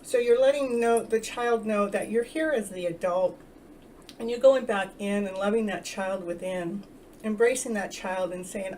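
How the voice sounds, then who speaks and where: A woman's voice: mid-range voice, normal speed, darkish tone. A woman hosting a casual self-love livestream, rambling, earnest and chatty, greeting viewers and laughing now and then. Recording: distant mic with faint background noise.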